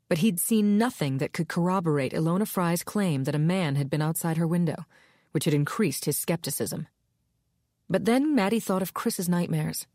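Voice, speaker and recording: A woman narrating a thriller in a measured, steady voice on the low side. The recording is close and dry, with no room around it. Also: no room sound. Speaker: audiobook narrator. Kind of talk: scripted narration.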